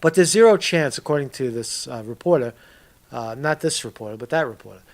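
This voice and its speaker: A man's voice: medium pitch, expressive, brisk. A man giving a casual commentary video, ranting in a profane, rambling way and tagging lines with "right?". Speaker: political commentator.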